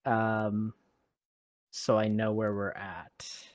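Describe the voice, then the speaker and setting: A man playing in a tabletop game, relaxed and joking, checking details aloud as he goes. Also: fairly low pitch, extremely slow. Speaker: player. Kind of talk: casual chat in a tabletop game.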